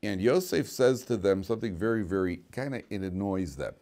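A man's voice: lowish voice, fairly quick. A man teaching a class as a rabbi, reading Hebrew verses, translating them and adding joking asides. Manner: animated, joking asides, reads Hebrew text then translates. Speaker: rabbi teaching weekly Torah portion. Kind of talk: classroom lecture with humor. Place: study hall classroom.

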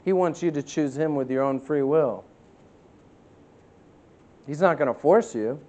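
Fervent pastor with a higher voice. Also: male voice. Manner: emphatic preaching that swings from loud to quiet; reads scripture slowly and deliberately. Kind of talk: sermon.

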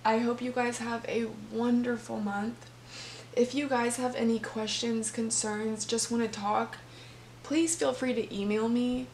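In an echoey room with a faint hum, a woman reads tarot for her viewers, addressing them with earnest feeling. Her voice is fairly high, level, a little mellow, and a little slow.

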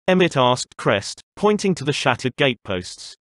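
A man narrating a fantasy novel in a steady storytelling manner. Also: mid-range voice, normal speed, no room sound, clean studio sound. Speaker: audiobook narrator.

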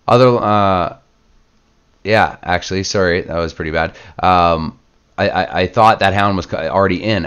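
A man hosting a gaming channel, relaxed and chatty in casual play-by-play commentary, sick and stuffed up. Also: fairly low pitch, smooth, dull audio. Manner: relaxed, chatty, lots of filler words.

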